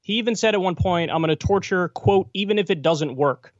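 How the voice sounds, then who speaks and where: A man's voice: high voice, fairly quick, no room sound, highs cut off. A man giving blunt, sardonic political commentary on election night, joining the show remotely. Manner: blunt, sardonic, quotes politicians in mock voices.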